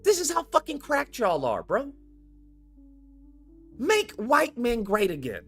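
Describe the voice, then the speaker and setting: A man delivers a heated commentary rant, profane and mocking. His pitch swings widely from low grumbles to high jabs, giving the talk a lively, animated bounce. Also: slow, breathy edge, faint music behind. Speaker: channel host.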